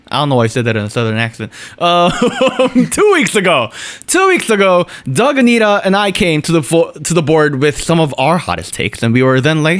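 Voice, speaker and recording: A man's voice: a little high, normal speed. A man co-hosting a casual pop music podcast, hesitant and full of restarts. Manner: hesitant, many fillers and restarts, animated. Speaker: podcast co-host.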